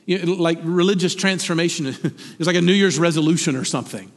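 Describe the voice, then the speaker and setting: A middle-aged man preaching a sermon from the pulpit, conversational and animated, often asking his listeners questions. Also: fairly high pitch, fairly quick, in a large hall. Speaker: pastor. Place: church sanctuary.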